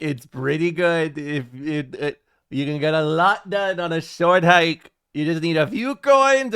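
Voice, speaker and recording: A man's voice: sits high, fairly bright tone, clear, resonant tone. A man doing an impression of a boastful, rambling older male politician who repeats himself in a folksy, blustering way.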